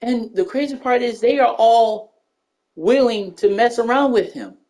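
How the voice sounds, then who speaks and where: A woman's voice: on the high side, a little slow, warm tone. A woman telling a personal story to camera as a heated rant, repeating herself, stammering and swearing when worked up. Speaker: storyteller vlogger.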